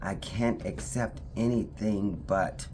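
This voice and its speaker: A woman's voice: a bass voice, takes it slowly, slight background noise. A woman talking casually to her camera, emphatic and repetitive, now and then breaking off to talk to her puppy. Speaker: vlogger.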